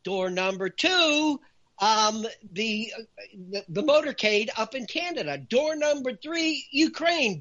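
A man holds forth as a talk-show guest, pushing his voice up whenever he wants a point to land. His pitch swings widely and his tone is bright and cutting. The audio sounds muffled and lo-fi. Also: slow. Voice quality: raises voice for emphasis. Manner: animated, lists points in a punchy countdown. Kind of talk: emphatic talk-show commentary.

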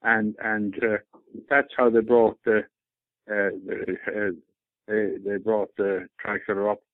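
A man's voice: fairly low pitch, little pitch movement, takes it slowly, dry recording, narrow, tinny audio. An Irish man giving a rambling, insistent account in an interview, often repeating himself.

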